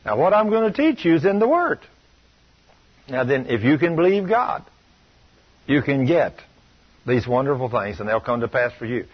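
A man's voice: mid-range voice, sing-song, normal speed, long pauses, slightly rough. A man preaching a sermon at a healing school, telling stories in a folksy, emphatic and insistent way. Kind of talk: sermon with retold anecdote. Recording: muffled lo-fi recording.

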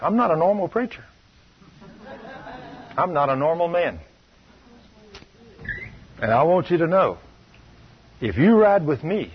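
A man preaching a sermon, telling personal stories in a stern, emphatic way, often dropping to a low, soft tone. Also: breathy edge, lo-fi sound. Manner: stern, emphatic storytelling, shifting loud and soft.

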